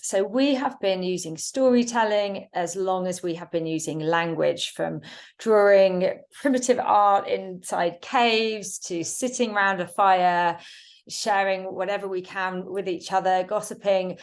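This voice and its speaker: A woman teaching workplace communication in a webinar, with a clear, emphatic delivery and deliberate pauses. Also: mid-range voice. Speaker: communication trainer.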